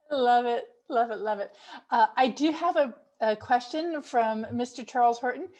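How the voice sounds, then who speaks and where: A woman's voice: a little high, a little slow, a little mellow, dull audio. A woman hosting a webinar Q&A over a video call, laughing easily and a little flustered. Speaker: host. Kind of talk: moderating a webinar Q&A.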